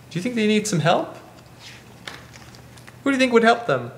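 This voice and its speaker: A man hosting a library storytime, reading a picture book to children and asking them gentle questions. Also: sits high, big pitch swings, normal speed, gravelly, long pauses. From Canada.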